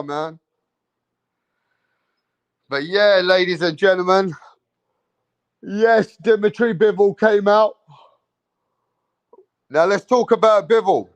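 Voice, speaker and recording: A man's voice: high-pitched, dry recording, muffled recording. A man from England hosting a live boxing stream, hyped and profane, repeating his points. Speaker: boxing channel host.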